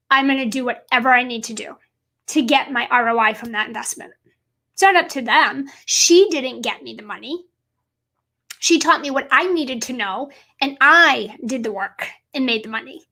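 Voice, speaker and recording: A woman's voice: high voice, gravelly, sharp tone. A woman business coach giving an earnest, emphatic motivational talk on a livestream, repeating points for stress.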